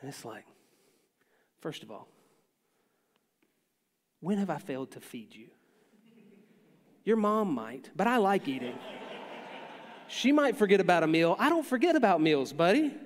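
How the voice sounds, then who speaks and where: Male pastor, high voice, chatty sermon delivery, lingering hall echo. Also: sing-song, normal speed, long pauses. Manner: conversational preaching, acts out quotes.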